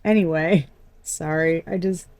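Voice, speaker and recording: A woman's voice: sits low, steady tone, unhurried, darkish tone, no room sound. A woman giving a casual collective tarot reading, talking bluntly with exasperated asides and frequent swearing. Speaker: tarot reader.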